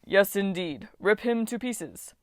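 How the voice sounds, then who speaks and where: A woman's voice: medium pitch, slow, dry recording, lightly acted. A woman doing a meek, nervous giant Titan. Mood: uneasy. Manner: hesitant, soft and stammering.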